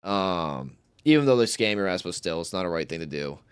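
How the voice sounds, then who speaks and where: A man's voice: sits low, lively intonation, a little fast, clear, resonant tone, dry recording, clean studio sound. A young man streaming live, telling rambling, slangy stories and swearing often. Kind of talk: casual storytelling on a livestream.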